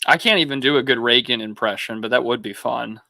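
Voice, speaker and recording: Wry man with a gravelly voice. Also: medium pitch, fast, bright, forceful tone, dry recording. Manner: wry, joking. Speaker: podcast co-host. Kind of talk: casual chat.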